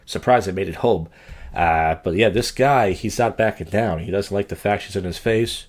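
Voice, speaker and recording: A man's voice: deep voice, moderate pace. A man hosting a comedy podcast, giving crude, sarcastic running commentary on a video clip. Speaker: podcast host.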